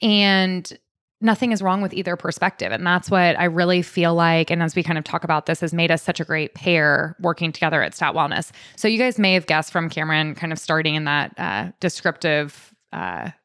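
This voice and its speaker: Upbeat woman with a smooth, low voice. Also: normal speed, a bit bright, no room sound, clean studio sound. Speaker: podcast co-host. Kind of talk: casual chat.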